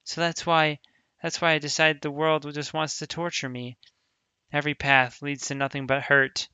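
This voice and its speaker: A quietly sad teenage schoolgirl from a visual novel, cheerful on the surface and hiding depression inside, read aloud by a man in his own bright, smooth voice. She speaks softly and in a subdued way, close to the mic in a dry, dead space. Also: a little high, little pitch movement, normal speed, no room sound.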